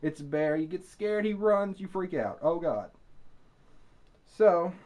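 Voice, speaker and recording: A young man with a slightly high voice rants sarcastically into his camera mic. His storytelling is crude and full of profanity. He breaks now and then into loud mock screams. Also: animated, a little slow. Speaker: vlogger. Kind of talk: ranting commentary to camera.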